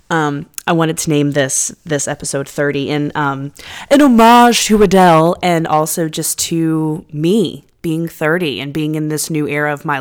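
Low-voiced chatty woman podcast host. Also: clean tone. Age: 30s. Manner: chatty, rambling, self-deprecating, swears casually. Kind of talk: casual solo podcast chat. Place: apartment room. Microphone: podcast microphone.

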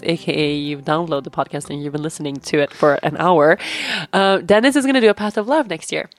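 A woman's voice: deep voice, fairly quick, hardly any pauses, soft background music. A woman hosting a podcast, chatting casually with her husband, laughing often and swearing casually. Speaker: podcast host. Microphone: studio podcast mic.

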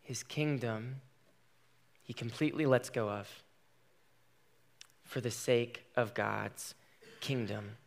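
A man's voice: mid-range voice, slow pace, gravelly, pauses often. Male preacher, mid-range voice, emphatic and dramatic sermon storytelling.

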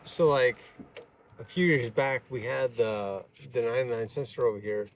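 A man's voice: medium pitch, normal speed, slight background noise. A man telling a rambling, filler-heavy story in casual chat, sitting away from the mic.

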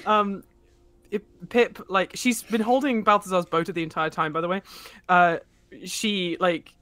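A woman playing in a tabletop role-play game, excitable and gushing, laughing often between lines. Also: on the low side, unhurried, dry recording. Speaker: player.

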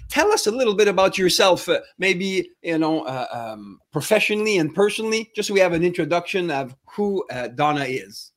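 French-Canadian male podcast host, high-pitched, enthusiastic motivational delivery. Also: sing-song, a little fast, few pauses, fairly bright tone. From Ontario, Canada. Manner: enthusiastic, encouraging, with hesitant fillers. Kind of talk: upbeat motivational interview.

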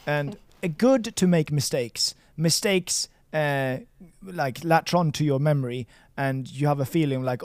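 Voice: mid-range voice, unhurried, hardly any pauses, darkish tone, no echo. A language teacher leading a one-on-one lesson, patient and playful, drilling words by repeating them.

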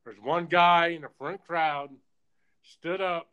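Male guest, rambling, filler-heavy recollection, slightly high voice. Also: fairly even intonation, slow pace, pushed and bright, clear, resonant tone, muffled recording. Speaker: podcast guest, former wrestler. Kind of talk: casual conversation, recalling matches.

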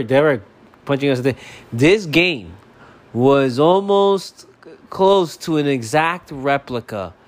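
A man from Miami talking alone on his sports podcast in his apartment, cursing constantly and swinging between low, subdued mumbling and loud, animated ranting. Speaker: podcast host. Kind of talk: casual solo sports podcast rant.

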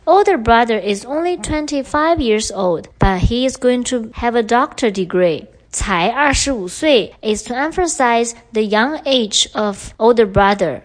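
A young woman hosting a podcast lesson, explaining clearly and switching between English and Mandarin. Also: on the high side, animated, unhurried, few pauses. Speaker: podcast host and Chinese teacher.

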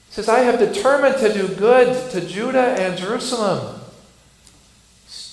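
A man preaching a sermon, earnest, rising loud and dropping soft for emphasis. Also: sits high, lively intonation, normal speed. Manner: earnest, builds and drops volume for emphasis. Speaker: pastor. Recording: echoey hall with faint noise.

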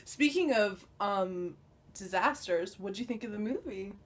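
A woman's voice: medium pitch, expressive, unhurried, husky. A woman co-hosting a podcast, trading teasing banter and laughing often. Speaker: podcast co-host. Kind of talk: casual chat.

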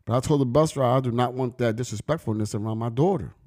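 A man's voice: medium pitch, quick pace, darkish tone. Slangy middle-aged man venting. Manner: emphatic, slangy, preachy storytelling. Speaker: vlogger and brand owner. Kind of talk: casual street-talk monologue.

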